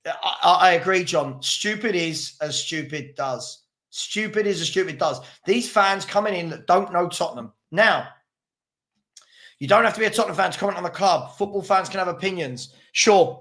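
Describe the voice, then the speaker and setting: A man's voice: high voice, fairly bright tone. A man hosting a live fan stream, reading viewers' comments aloud and answering them in a combative, mocking way, often repeating himself. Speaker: fan channel host.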